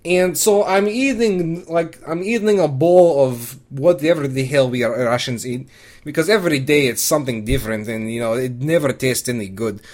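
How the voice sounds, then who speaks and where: A man's voice: medium pitch, normal speed. A man delivering a comedic first-person monologue, rambling and crude, with lots of restarts.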